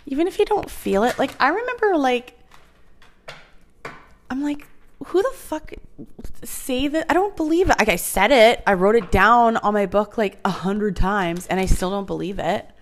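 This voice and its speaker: A woman hosting a casual chat with plenty of enthusiasm. Her voice has a lot of vocal fry, and she swears freely. Her pitch sits in the middle. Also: lively intonation, moderate pace. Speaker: podcast host.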